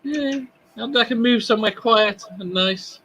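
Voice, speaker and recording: High, husky, joking man. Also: unhurried, bright, forceful tone. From northwest England, across the river from Liverpool. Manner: joking, playfully defensive. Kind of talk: casual group chat on a stream.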